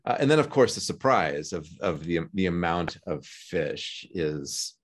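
Man, deep voice, professor, wry and lively, casual scripture talk, video call. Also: unhurried, slight background noise. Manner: lively and wry, acting out voices in his retelling. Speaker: seminary professor, podcast co-host.

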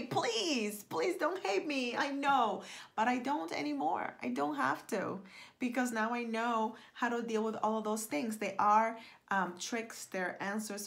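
A woman talking straight to camera as a writing coach, excitable and emphatic, repeating lines for effect and gesturing with her hands. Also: medium pitch. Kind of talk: animated direct-to-camera pitch.

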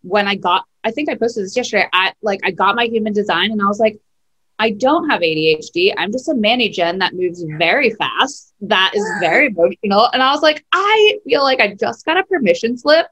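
A woman guest talking in a relaxed podcast conversation, with a voice of middle pitch. She is animated and laughs easily. She often breaks into quoted asides about herself. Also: brisk. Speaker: guest, nutritionist. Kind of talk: casual podcast chat.

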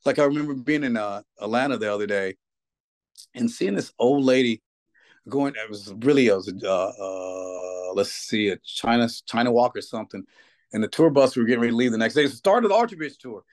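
A man's voice: mid-range voice, lively intonation, brisk, a little mellow. A middle-aged man, a band's singer, talking casually in an interview and telling heartfelt stories that move him close to tears. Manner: emotional storytelling, tearful at times, repeats "you know what I mean". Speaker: guest, metal band singer.

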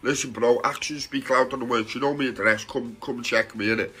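A man's voice: mid-range voice, steady tone, fairly quick, bright, forceful tone, husky. A young man, a live streamer, angrily ranting to camera, swearing and confronting someone, repeating "do you know what I mean". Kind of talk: angry call-out rant to camera.

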